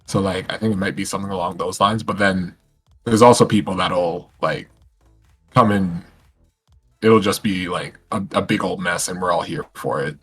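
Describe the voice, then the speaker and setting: A man talking as a podcast guest in casual chat, hesitant and relaxed, with a soothing voice. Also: low-pitched, moderate pace, soft background music. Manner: hesitant, full of fillers and restarts.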